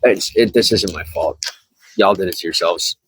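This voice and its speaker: A man's voice: low-pitched, normal speed, fairly bright tone, slight background noise, low-quality recording. A man chatting casually on a live stream from his phone, rambling and reading viewer comments aloud.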